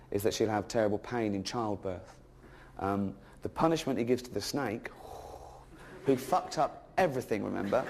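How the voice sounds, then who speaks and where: A middle-aged man doing a stand-up routine, sardonic and sweary, swinging into loud bits. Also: fairly low pitch, slight background noise. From England. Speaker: stand-up comedian.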